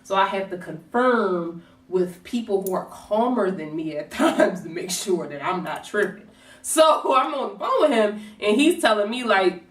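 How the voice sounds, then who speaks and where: Brief: woman vlogger, casual, expressive storyteller, mid-range pitch, recorded in a reverberant room. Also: a little slow. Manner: animated, swears, acts out quotes. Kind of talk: storytime vlog. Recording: roomy echo, distant from mic.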